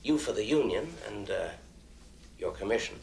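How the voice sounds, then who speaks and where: An actor playing a polished male company executive who speaks with measured courtesy and quiet condescension. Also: lowish voice, animated, creaky, a little hiss or hum. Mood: persuasive. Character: smooth corporate male executive, polite and condescending.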